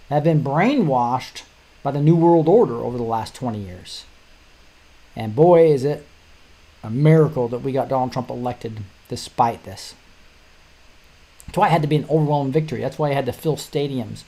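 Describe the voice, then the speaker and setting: A man's voice: medium pitch, dark tone. A middle-aged man hosting a show, talking casually through news articles in a rambling way with frequent restarts and short chuckles. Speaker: show host.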